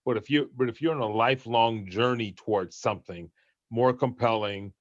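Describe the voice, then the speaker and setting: A man's voice: medium pitch, moderate pace, no room sound. A man on a group video call, thinking aloud with many hesitations. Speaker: meeting participant. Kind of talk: casual chat on a group call. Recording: dull, dry video call audio.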